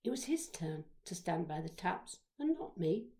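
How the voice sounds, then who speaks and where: A woman storyteller reading a childhood memoir aloud, expressive, shifting between hushed whispers and loud exclamations. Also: on the low side, moderate pace.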